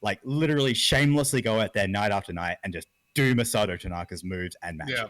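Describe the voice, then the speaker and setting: Casual Australian caster chatting loosely. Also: male voice, on the low side, fast, fairly bright tone, dry recording. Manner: rambling, swears freely, lots of "like". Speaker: esports caster. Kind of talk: casual podcast chat.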